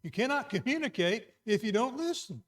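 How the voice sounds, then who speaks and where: A middle-aged man preaching a sermon, moving between quiet, earnest emphasis and raised exhortation. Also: extremely high pitch, big pitch swings, normal speed.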